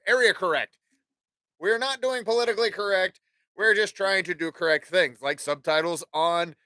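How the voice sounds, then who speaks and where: A man's voice: high voice, bright, forceful tone, dry recording. A man in his forties hosting a talk show, rambling through an opinionated, profanity-laced casual monologue.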